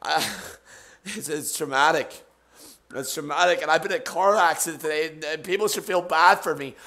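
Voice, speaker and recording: Man, stream host, high voice, gravelly edge, stammering, overwrought comic banter. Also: moderate pace, bright, forceful tone. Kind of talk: comedic ASMR painting stream banter.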